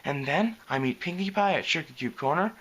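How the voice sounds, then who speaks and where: A shy little mare, as a male reader puts her on, speaking in a soft, meek voice raised higher than his own, with a lively, wavering pitch. She sounds hesitant and gentle throughout. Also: brisk. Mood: timid.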